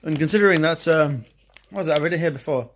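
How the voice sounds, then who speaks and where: A man's voice: on the high side, quick pace, a little hiss or hum. Chatty man vlogging casually. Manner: chatty, self-deprecating, thinking aloud. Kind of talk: casual vlog narration.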